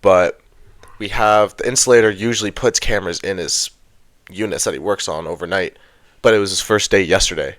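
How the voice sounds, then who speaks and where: Laid-back young man, low dry voice. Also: a little fast, a bit bright, no echo. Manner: laid-back, rambling, frequent "like". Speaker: podcast co-host. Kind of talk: casual podcast chat.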